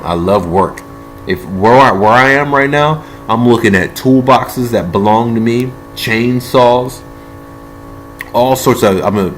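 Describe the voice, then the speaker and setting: Impassioned low-voiced man ranting. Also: fairly bright tone. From United States. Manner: heated, repetitive, restarts and asides, swears. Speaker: political video blogger. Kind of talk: impassioned rambling monologue. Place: among his tools and toolboxes, like a workshop.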